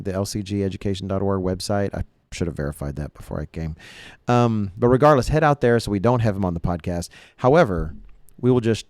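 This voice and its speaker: A man's voice: deep voice, darkish tone, no room sound. A man hosting a podcast in casual chat, earnest and rambling, often restarting his sentences. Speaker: podcast host.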